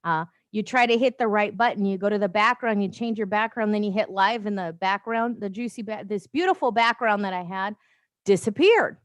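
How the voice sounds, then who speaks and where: A woman hosting a casual livestream from her phone, chatty and rambling, with animated asides and frequent laughs. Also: medium pitch, fairly quick, dry recording. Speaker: life coach livestream host. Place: home, with noise outside.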